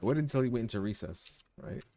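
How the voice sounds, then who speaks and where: A man streaming from home, mid-pitched and loose, tells his chat a story he still hasn't let go of. He swears freely and trips over restarts. A faint steady hiss sits under his desk mic. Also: quick pace. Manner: animated, profane, lots of restarts and "you know". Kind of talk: casual storytelling to a live chat.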